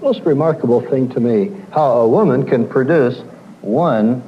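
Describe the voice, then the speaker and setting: A man with a medium-pitched voice speaks at a normal speed, though the recording has its highs cut off and carries a little hiss or hum. He's lecturing an audience as a counselor, animatedly telling stories and acting out what his clients say.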